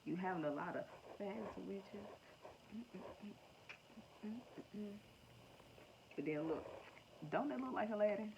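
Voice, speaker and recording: A woman giving a casual tarot reading to her viewers, slangy, profane and excitable, laughing often. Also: medium pitch, slow, creaky, pauses often. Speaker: tarot reader. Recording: dull lo-fi sound with faint noise.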